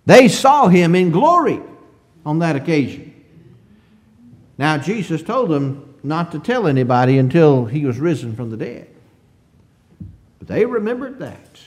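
A man preaching a sermon in an emphatic cadence, stretching out phrases, swelling on key words and often clearing his throat. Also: fairly high pitch, very animated, a little slow, long pauses, darkish tone.

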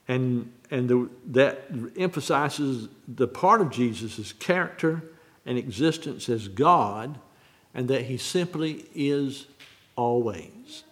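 Man preaching slow, lots of restarts and ums, goes over the verse again and again. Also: medium pitch, lively intonation, a bit bright. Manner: halting, full of restarts and fillers, repeating the verse slowly. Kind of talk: sermon, unscripted Bible teaching.

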